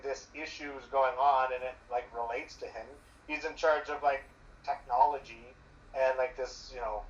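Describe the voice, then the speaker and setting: A man who is a journalist talking casually as a guest, explaining at length with many fillers. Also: mid-range voice. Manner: loose, filler-heavy explaining. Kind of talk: casual conversation. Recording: roomy, distant, muffled mic.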